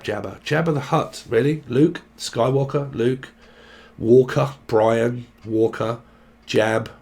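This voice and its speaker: A man's voice: medium pitch, gravelly, a little mellow, slight background noise. A man giving a rambling, casual tarot reading, swearing and jumping between word associations. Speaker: tarot reader.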